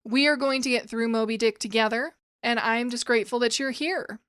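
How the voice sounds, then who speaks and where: Chatty woman podcast host, higher voice. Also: brisk, fairly bright tone, no echo, studio quality. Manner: chatty, with asides and restarts. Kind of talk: casual podcast chat about classic literature. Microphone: new microphones.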